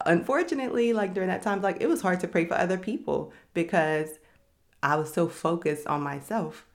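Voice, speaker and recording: This is a young adult woman with a low, gravelly voice hosting a faith-centered podcast. She opens up candidly, reflecting on what she herself has been through.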